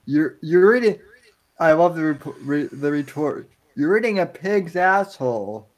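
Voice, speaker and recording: Slow, stammering higher-voiced man. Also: lively intonation. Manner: halting, stammering restarts. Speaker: streamer, podcast guest. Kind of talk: casual chat.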